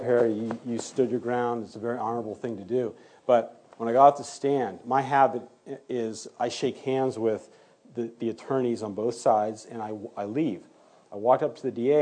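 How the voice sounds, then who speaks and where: A man's voice: medium pitch, dark tone. A man who works as a forensic DNA criminalist, telling a story in an interview and acting out the exchanges he quotes.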